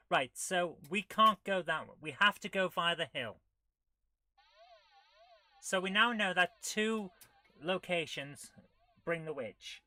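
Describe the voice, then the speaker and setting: A woman hosting a retro game playthrough reads the game's text aloud and adds wry, jokey asides. Her voice is on the low side, with lively intonation, a pushed and bright quality, and a slow pace broken by frequent pauses.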